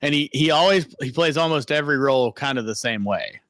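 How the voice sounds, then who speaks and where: A man's voice: medium pitch, lively intonation, a little fast, fairly bright tone, no echo. A man co-hosting a casual film review podcast, talking in an easygoing, hedging way with frequent chuckles. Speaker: podcast co-host.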